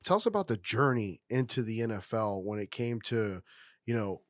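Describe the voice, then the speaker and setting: A man's voice: lowish voice, sing-song, moderate pace, no echo, clean studio sound. A man hosting a podcast, asking long, eager, rambling questions in a casual way. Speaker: podcast host.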